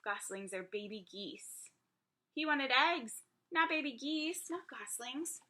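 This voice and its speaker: A woman's voice: high-pitched, takes it slowly, sharp tone. A woman teacher reading a picture book aloud to young children, with chatty asides to her listeners. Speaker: preschool teacher.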